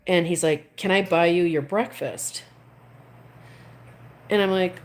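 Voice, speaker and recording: A middle-aged woman chats casually, spinning a rambling story that keeps breaking off and restarting, with laughs between phrases. Her voice sits a little on the low side. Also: slow pace, pauses often. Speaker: streamer chatting with viewers. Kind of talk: casual chat.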